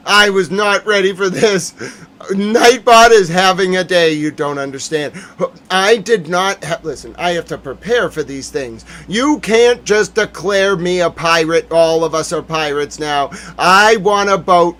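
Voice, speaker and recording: Man from the US, high voice, livestream host, excitable, laughing, mock-serious comedic rants. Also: unhurried. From United States. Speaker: livestream news recap host.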